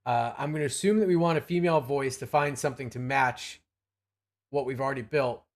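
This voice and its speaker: A man's voice: mid-range voice, a little fast. A man hosting a live stream in casual talk, rambling and restarting his sentences often. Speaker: streamer host.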